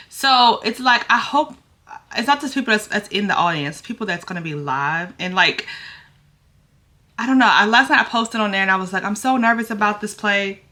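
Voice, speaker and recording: A woman's voice: mid-range voice, animated, moderate pace, sharp tone. A woman in her thirties chatting casually to camera while getting ready, nervous and acting out both sides of a dialogue. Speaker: vlogger. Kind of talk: casual get-ready-with-me chat.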